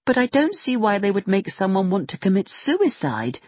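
Male reader playing a young woman, raised pitch, pointed and animated. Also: moderate pace, slightly rough, dry recording, highs cut off, exaggerated voice. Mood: outspoken. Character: young woman, lively and outspoken.

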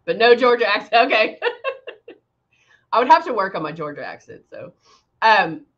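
A woman's voice: mid-range voice, big pitch swings, brisk, highs cut off. A woman hosting a casual live-stream makeup chat. She rambles, laughs often and reads out viewer comments. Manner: laughs often, many fillers. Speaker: makeup brand host.

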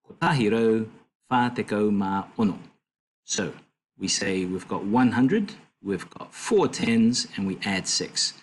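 A man tutoring a language lesson, explaining slowly and patiently with fillers and self-corrections. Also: fairly low pitch, expressive, breathy edge.

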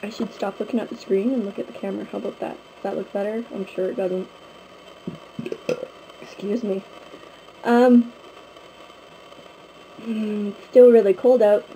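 Young woman, casual home vlog, mellow rambling chat, faint room hum. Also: mid-range voice, fairly even intonation, normal speed, long pauses, poor audio. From Canada. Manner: rambling, chatty, many fillers. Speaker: vlogger. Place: at home, indoors. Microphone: handheld camera, close.

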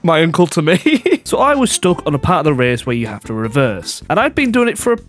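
Brief: gamer host, crude and jokey, animated and a bit high-pitched. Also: male voice, a little fast, noisy background. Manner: crude, joking, laughs often. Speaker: gaming channel host. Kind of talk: casual gaming chat.

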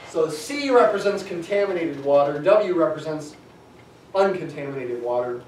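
Guy lecturing a class, a bit high voice, far from the mic in an echoey room, faint hum. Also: lively intonation, moderate pace, darkish tone. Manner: conversational, thinks aloud with restarts, tells asides. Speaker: statistics lecturer. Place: lecture hall.

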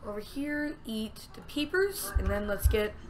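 A woman giving chatty let's-play commentary, narrating every move to herself and getting excitable. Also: fairly high pitch, unhurried, noisy background. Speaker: gamer.

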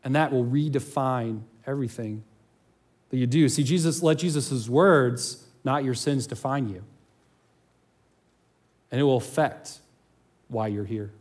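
A man's voice: medium pitch, unhurried, pauses often, darkish tone. A man preaching a sermon as pastor, telling a Bible story in a casual, conversational way. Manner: conversational, chuckles while storytelling.

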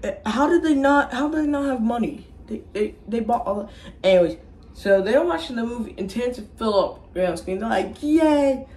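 A young movie reviewer talks briskly in a very high-pitched, darkish-toned voice, giving a jokey, slang-filled recap from home. He rambles and drops into silly voices, and the room is echoey with faint noise.

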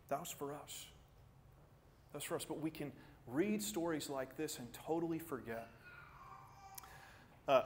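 A man preaching a sermon as pastor, earnest and animated, jumping up in pitch for emphasis and then dropping quiet, often repeating words as he starts a thought. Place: church sanctuary. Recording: church sanctuary with long reverb.

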